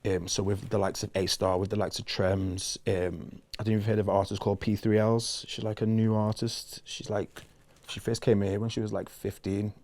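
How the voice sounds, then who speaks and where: A man, chatting casually as a musician guest in an interview, relaxed and loose with lots of fillers. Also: fairly low pitch, moderate pace.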